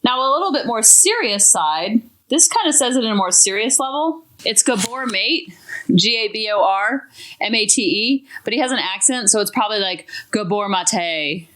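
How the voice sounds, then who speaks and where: A woman's voice: a little high, animated, normal speed, a bit bright. A woman hosting a parenting podcast, talking in an emphatic, enthusiastic way. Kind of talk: podcast talk.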